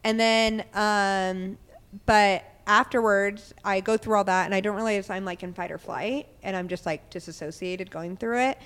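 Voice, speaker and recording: A woman's voice: medium pitch, fairly even intonation, fairly bright tone, smooth. Candid woman telling her story, roomy reverb. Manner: candid, quick retelling with many "um" and "like". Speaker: podcast guest. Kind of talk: casual personal storytelling.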